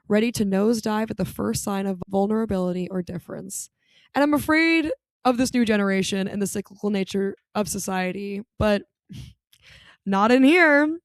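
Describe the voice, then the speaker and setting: A young woman host rattles through a casual comedic monologue, campy and chatty with sarcastic asides. Her voice sits at a middling pitch. The recording is dry and close, with no room sound. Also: darkish tone, dry recording. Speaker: podcast host.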